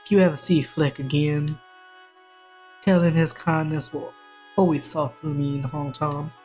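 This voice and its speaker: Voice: mid-range voice, level tone, unhurried, darkish tone, husky, soft background music. A game streamer voicing a dying Southern belle rebel leader in a put-on Southern drawl, reading her lines earnestly. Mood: solemn. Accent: put-on American Southern.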